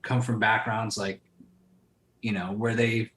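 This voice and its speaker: A man's voice: lowish voice, level tone, slow, fairly bright tone, reverberant. A man, a guest on a podcast, talking loosely and profanely with lots of fillers. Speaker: podcast guest, solar sales company owner. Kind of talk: casual podcast interview.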